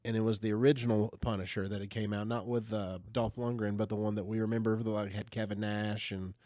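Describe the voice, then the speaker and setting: A man hosting a podcast, retelling a story in casual chat with an animated, rambling manner. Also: lowish voice, fast, dry recording. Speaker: podcast host.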